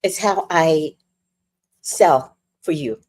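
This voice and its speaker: A woman telling a storytime rant on her livestream, animated, worked up and swearing freely. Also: sits low, very slow. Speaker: livestream host.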